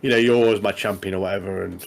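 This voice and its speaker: A man's voice: sits low, steady tone, rapid-fire, creaky, low-quality recording. A man co-hosting a podcast, recapping a TV episode in a casual, rambling way with tag questions and lots of "mate". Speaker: podcast co-host.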